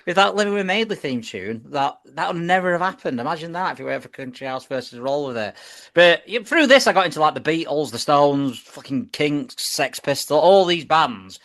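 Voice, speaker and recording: Man, forties, animated podcast chat, lively up-and-down voice, fairly high pitch. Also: brisk. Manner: animated, laughs often, swears casually. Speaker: podcast host. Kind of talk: casual chat.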